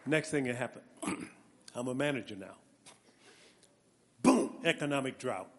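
A male preacher giving an animated sermon with a personal testimony, calling out to his congregation and building to shouts. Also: mid-range voice, a little slow, slight background noise. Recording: long reverb of a large hall.

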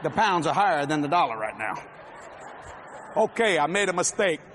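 A man's voice: a little high, sing-song, normal speed, a bit bright, slight background noise. A man with a Cajun accent preaching a folksy, joking sermon in a large hall. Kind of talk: sermon with humor and jokes.

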